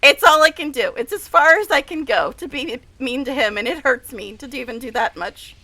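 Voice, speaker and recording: A woman's voice: high-pitched, animated, a little fast, bright, forceful tone. A woman streamer giving casual gameplay commentary, gushing and dramatic, laughing often. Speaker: game streamer.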